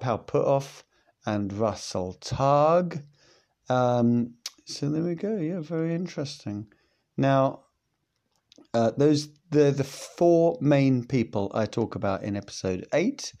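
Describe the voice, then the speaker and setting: A man talks alone into the mic for his podcast, loose and chatty, joking at his own stumbles. His voice is low in tone, gravelly with fry, and his delivery is rambling and self-mocking. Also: lively intonation, measured pace, darkish tone. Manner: rambling, jokey and self-mocking, with many fillers. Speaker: podcast host. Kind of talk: casual solo podcast monologue.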